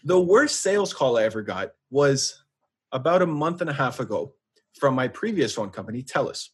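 A man's voice: mid-range voice, big pitch swings, moderate pace, slightly rough. A man co-hosting a podcast, animatedly telling a story and acting out both sides of a phone call. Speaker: podcast co-host. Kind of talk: casual chat, storytelling.

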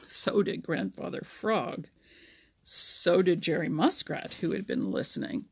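Slow, gravelly woman reading a storybook. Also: fairly low pitch. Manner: slow reading with small slips and restarts. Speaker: narrator.

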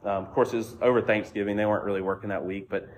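A man's voice: on the low side, fairly even intonation, rapid-fire. A man preaching a sermon as a conversational, self-deprecating story. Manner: conversational, self-deprecating, acts out quoted voices. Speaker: pastor.

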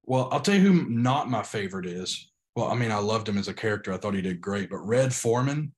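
Earnest young pastor, low voice. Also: male voice, lively intonation. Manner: earnest, halting with frequent restarts. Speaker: pastor and podcast guest. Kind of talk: casual interview chat.

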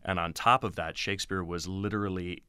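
A theatre director and acting teacher answers interview questions about directing and teaching actors, speaking fairly quickly in a deep, bright, forceful voice with a clean tone. His delivery is animated and explanatory, and the recording is dry and close.

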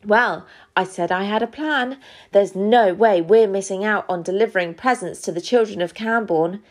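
A woman's voice: medium pitch, normal speed, close to an everyday voice. A woman voicing a cheeky, mischievous young male elf in a children's story, with a conspiratorial manner.

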